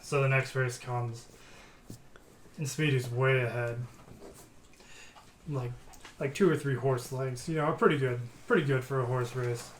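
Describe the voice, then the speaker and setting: A man's voice: medium pitch, fairly even intonation, measured pace, pauses often. Man spinning a playful shaggy-dog joke. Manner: playful, chuckles through the telling. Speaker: player telling a joke story. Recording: roomy room with faint hiss.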